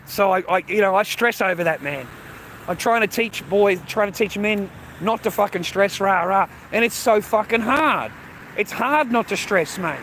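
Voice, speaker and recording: Australian man ranting outdoors, high-pitched, swearing a lot, loud traffic behind. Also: lively intonation, normal speed. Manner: agitated, profane, repeats himself, calls listener mate. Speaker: vlogger. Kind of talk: casual rant to camera. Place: outdoors by a road. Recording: outdoor street noise, traffic.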